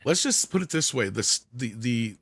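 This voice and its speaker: Blunt gravelly podcast host. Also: male voice, medium pitch, sing-song, moderate pace, fairly bright tone, dry recording, clean studio sound. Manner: blunt, swears, reads viewer comments aloud. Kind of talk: casual panel chat.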